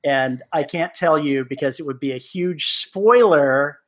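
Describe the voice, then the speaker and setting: A man's voice: fairly high pitch, a little slow. A man co-hosting a podcast, chatting casually with a playful, teasing manner. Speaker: podcast host.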